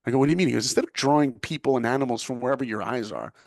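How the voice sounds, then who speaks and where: A man's voice: mid-range voice, very fast, creaky, a little mellow, no room sound, studio quality. A middle-aged man from the United States, a guest telling a personal story vividly and acting out both sides of the conversations. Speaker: guest, former animator and speaker. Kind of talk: animated storytelling.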